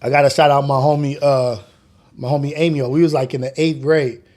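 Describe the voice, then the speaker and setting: A man's voice: mid-range voice, little pitch movement, brisk, darkish tone. A man in his forties hosting a casual morning show from home, loose and joking, who swears often and laughs a lot. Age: 40s. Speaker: podcast host.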